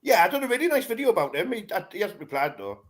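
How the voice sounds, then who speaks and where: A man's voice: sits high, very animated, very fast. A man co-hosting a casual streamed chat, bantering, swearing and laughing often. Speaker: co-host.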